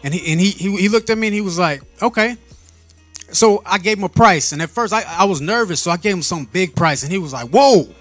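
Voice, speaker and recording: A man's voice: sits high, fairly quick, a bit bright, no room sound, soft background music. A man telling a personal faith story in a casual, earnest way, often repeating and restarting his words and laughing between phrases. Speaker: vlogger sharing a faith testimony.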